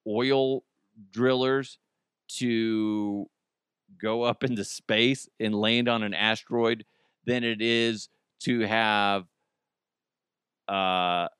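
A man's voice: fairly low pitch, fairly bright tone, smooth, dry recording. Guy doing a crude rambly comedy podcast, laughs at his own jokes, dry room. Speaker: podcast host. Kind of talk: casual comedic commentary.

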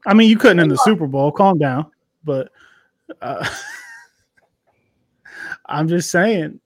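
A man in his thirties riffs on the week's games with a teasing, loose, swear-happy ease. His voice sits a little high and sounds close and dry, with no room around it. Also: expressive, slow, darkish tone, no room sound. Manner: joking, teasing, swears freely. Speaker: podcast co-host. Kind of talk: casual sports chat.

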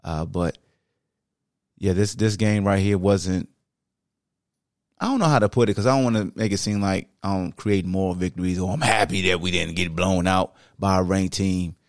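A man's voice: deep voice, moderate pace, no echo, clean studio sound. Casual, plain-spoken male podcast host. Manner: conversational, plain-spoken, loose.

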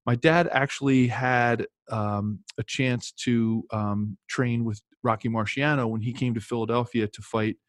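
This former pro football player in his fifties speaks at medium pitch with a steady tone, a measured pace and few pauses. His casual storytelling rambles, packed with fillers and restarts, captured in clean, echo-free studio sound.

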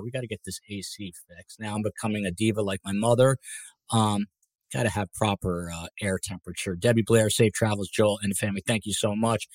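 Male podcast host, conversational and rambling, mid-pitched voice, dry close sound. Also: no room sound. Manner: chatty, rambling asides while reading viewer comments. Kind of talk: live podcast panel hosting.

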